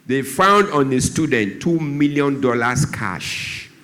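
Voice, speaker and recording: A man's voice: lively intonation, slow pace, fairly bright tone. A Nigerian man, a doctor who speaks on drug abuse, gives a church talk. He tells stories and acts out the voices of the people in them. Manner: storytelling, acts out dialogue, shifts pitch a lot.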